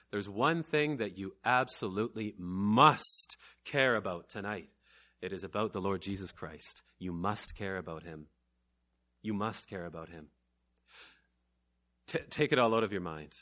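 Man, preacher, evangelical sermon, bright forceful tone, mid pitch, slow quiet lines and loud emphatic bursts.

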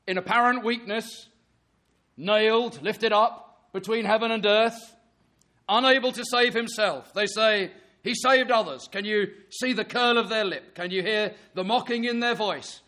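High, bright-voiced male preacher. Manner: earnest, emphatic preaching with rhetorical questions. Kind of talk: sermon.

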